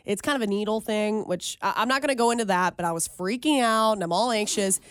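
A woman's voice: medium pitch, fast, no room sound. A young woman co-hosting a radio show, chatty and giggly. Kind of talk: casual chat.

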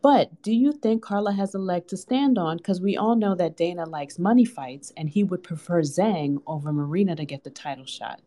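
A woman's voice: fairly low pitch, moderate pace, few pauses, mellow. A woman calling in to a talk show, laying out her argument and asking the host directly. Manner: asks questions directly, builds an argument. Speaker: caller.

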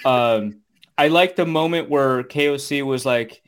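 A man's voice: medium pitch, unhurried. Male podcast co-host, mid-range voice, loose fan chat with lots of ums and restarts. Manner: rambling, many fillers and restarts, acts out quotes. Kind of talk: casual sports chat.

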